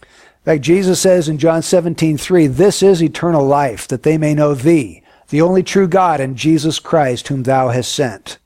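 A man preaching a sermon in an earnest, emphatic way, often dropping to a hushed, solemn tone. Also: fairly high pitch, normal speed, no room sound, clean studio sound.

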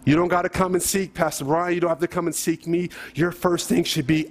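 A middle-aged man delivering a sermon as a pastor. His voice sits high for a man, and he preaches in a casual, conversational way. He leans on rhetorical questions and builds up to emphatic moments. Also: steady tone, a little fast, few pauses.

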